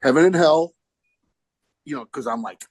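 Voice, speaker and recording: A man's voice: fairly high pitch, moderate pace, no room sound, low-quality recording. A man telling a rambling story as a podcast guest, acting out the voices of the people he quotes. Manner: animated, acts out quoted voices; rambling with restarts. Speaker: guest musician. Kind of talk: casual anecdote telling.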